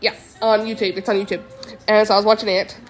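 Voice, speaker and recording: A woman with a Southern US accent, chatting casually as a book vlogger, animated and often laughing. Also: mid-range voice, quick pace. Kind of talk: casual chat.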